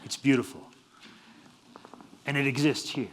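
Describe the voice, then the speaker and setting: A man's voice: mid-range voice, unhurried. Man, university lecturer, humorous talk, chuckles often, light background noise. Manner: joking, animated, laughs at his own jokes. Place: lecture hall.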